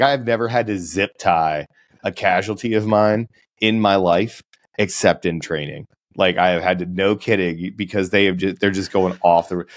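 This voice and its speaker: Deep-voiced joking podcast co-host, man. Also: no room sound. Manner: joking storyteller, laughs often. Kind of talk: casual podcast chat.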